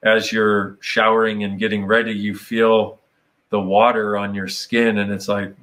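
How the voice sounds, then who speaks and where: In a fairly low, fairly bright voice at normal speed, a man reflects casually on personal growth. His talk drifts between points, occasionally enlivened by playful quoted voices.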